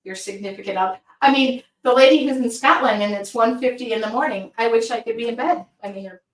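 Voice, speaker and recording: A woman's voice: a little high, fairly quick, recorded from a distance. Middle-aged woman art teacher, effusive livestream chat, echoey room, set back from the mic. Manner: effusive, reads viewer comments aloud. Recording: roomy sound from away from the mic.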